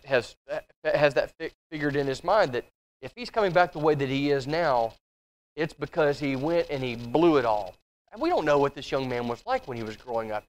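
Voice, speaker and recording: A fairly high-voiced man leads a church Bible study, talking it through conversationally. He stops to read scripture aloud, then explains it, often repeating words and restarting. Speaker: Bible class teacher. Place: church classroom.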